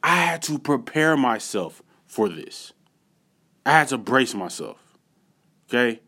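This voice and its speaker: A man telling a personal story in a casual, animated way, speaking straight to his viewers with slangy asides. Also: medium pitch, slow, breathy edge. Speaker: vlogger.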